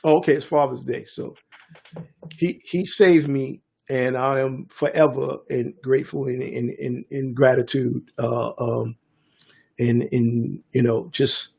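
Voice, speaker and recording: An older man, a DJ and producer telling a story in a casual interview, animated and acting out the voices of others. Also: mid-range voice, unhurried, creaky, husky. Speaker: guest DJ and producer.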